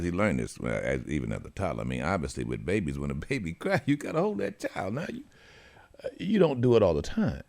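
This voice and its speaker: A man hosting a radio talk show, telling stories in a lively way and acting out the people in them. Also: deep voice, gravelly. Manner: animated storytelling, acts out the people in his stories. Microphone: studio mic.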